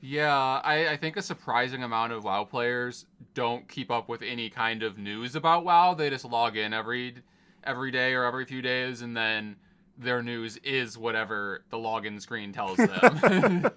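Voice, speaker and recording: A man co-hosting a gaming podcast with a bright, forward voice. He chats in a relaxed, wry way and sits at a middle pitch. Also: moderate pace, smooth. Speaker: podcast co-host. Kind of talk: casual gaming chat.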